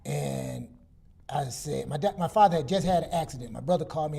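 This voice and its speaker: A man's voice: fairly high pitch, fast talker, vocal fry, breathy edge. A man in his sixties, a guest psychologist, telling personal stories in casual chat and acting out the lines he quotes. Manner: animated storyteller, acts out quoted dialogue.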